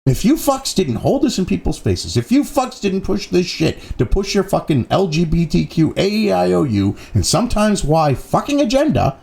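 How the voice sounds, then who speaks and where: A man's voice: high-pitched, wildly swooping pitch, moderate pace, gravelly, few pauses, darkish tone. A man hosting a profane, angry political commentary rant, swearing constantly and mocking opponents.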